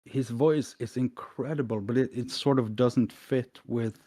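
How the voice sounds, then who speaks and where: A man chatting on a podcast in a measured, hesitant way, with plenty of fillers. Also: medium pitch, fairly even intonation, warm tone, no room sound. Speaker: podcast co-host. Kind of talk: casual chat.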